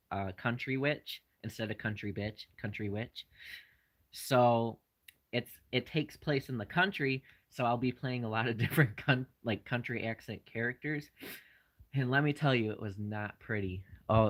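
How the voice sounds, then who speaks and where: A man's voice: medium pitch, fairly bright tone, poor audio. A man hosting his channel, casually answering live chat questions in a rambling way with lots of fillers.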